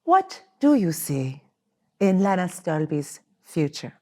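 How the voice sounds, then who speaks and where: A woman hosting a podcast, quick to laugh in casual chat. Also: on the low side, very animated, a little mellow. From Colombia. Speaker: podcast host.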